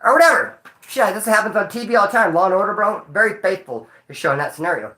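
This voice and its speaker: A man casually telling prison stories in a slangy, profane, animated way. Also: high voice, fast talker, echoey room. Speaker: storyteller recounting prison life. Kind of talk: casual storytelling monologue.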